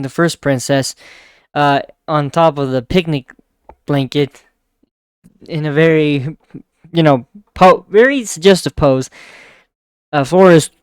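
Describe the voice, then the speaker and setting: A man casually retells a manga chapter, often chuckling as he goes. He drops into a softer voice for the characters' lines. His voice is smooth and a little high, recorded dry and close. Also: no echo. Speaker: manga reviewer.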